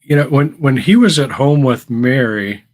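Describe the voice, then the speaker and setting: Male co-host, casual, chuckling, tosses in playful questions, mid pitch. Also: lively intonation, moderate pace, darkish tone. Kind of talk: casual chat.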